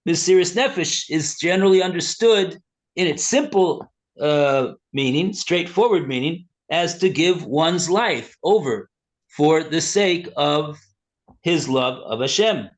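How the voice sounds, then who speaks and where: A male rabbi teaching a text class. He reads passages aloud and translates them in a halting way, with many fillers and restarts. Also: fairly high pitch, animated. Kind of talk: slow text study, reading and translating.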